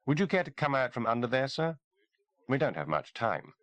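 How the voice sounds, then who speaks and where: A man's voice: mid-range voice, very animated, brisk, a bit bright, no room sound, voice pushed up. A man voicing a polite, formal British army lieutenant with an English accent, clipped and insistent. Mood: polite urgency.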